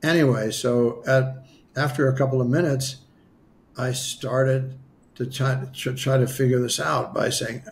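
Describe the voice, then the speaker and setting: A man with a gravelly, creaky voice recounts a personal story in an interview. He talks conversationally, full of asides and restarts, and he animatedly acts out what he once said. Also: mid-range voice, measured pace. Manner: animated, acts out his own past dialogue. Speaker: spiritual healer guest.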